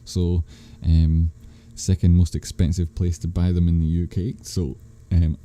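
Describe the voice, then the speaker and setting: A man with a low, very dark voice hosts a live stream. He reads viewers' questions aloud and answers in a loose, rambling way, correcting himself often. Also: flat delivery, a little slow. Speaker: livestream host answering chat. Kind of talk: casual live-stream chat.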